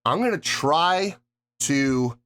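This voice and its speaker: Animated man hosting a reaction video. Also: a little high. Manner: animated mock outrage, drawn-out emphasis. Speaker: music reaction host. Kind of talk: casual reaction vlog.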